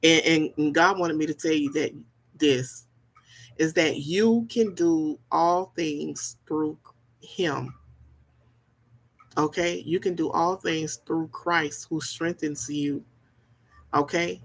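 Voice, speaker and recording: A woman's voice: low voice, slow, pauses often. A woman giving a spiritual reading in a casual, folksy, preachy way, repeating herself and checking in with "okay?" often. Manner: repetitive, preachy, folksy, keeps asking "okay?". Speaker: spiritual reader.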